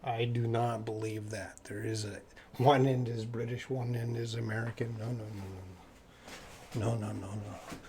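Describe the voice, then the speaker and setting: A man's voice: medium pitch, level tone, normal speed, background noise. A Canadian man teaching English in a live online lesson, answering viewers' questions and repeating key words for learners. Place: living in Korea.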